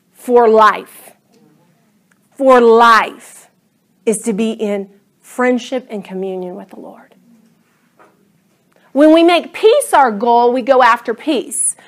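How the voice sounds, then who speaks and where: A woman teaching a class Bible study in a conversational, animated way, acting out her own prayers. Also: on the high side.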